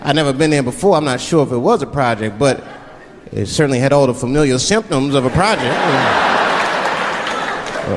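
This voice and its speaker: Animated comedian man in a roaring hall. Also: medium pitch, brisk, long pauses, slight background noise. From Washington, D.C. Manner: animated storytelling, jumping into loud character voices. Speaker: stand-up comedian. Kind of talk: stand-up comedy set. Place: large theater stage. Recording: live stage mic in a big hall with a loud laughing crowd.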